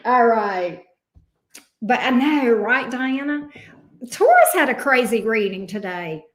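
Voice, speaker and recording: With big pitch swings in a slightly high voice, a tarot reader speaks slowly during her live session. She teases and exclaims at viewers, swears casually, and the room echoes.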